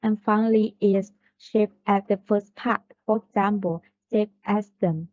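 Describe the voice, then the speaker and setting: A woman reads a class presentation about stressing compound words, working carefully through a list of examples. Her medium-pitched voice is flat and measured, and the student presenter's recording is dry and phone-like.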